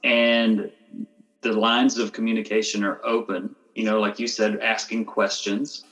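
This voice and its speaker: A man's voice: on the low side, level tone, a little slow, fairly bright tone, rough recording. A man hosting a podcast interview, summing up and asking questions with frequent hesitations. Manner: hesitant, many fillers and restarts. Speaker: podcast host, chiropractor.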